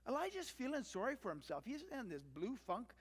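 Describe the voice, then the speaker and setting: A pastor preaches in a relaxed, conversational way, with wry asides and lively acted-out quotes. The voice sits at a middle pitch. A long reverb hangs on every phrase, as in a large church sanctuary. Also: a little fast, slightly rough. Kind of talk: sermon.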